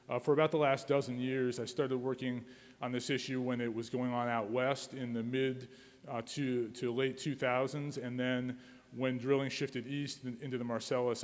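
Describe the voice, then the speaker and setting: A middle-aged man giving a conference talk as an attorney, speaking hesitantly with many fillers and restarts. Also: mid-range voice. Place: conference hall. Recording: long reverb of a conference hall.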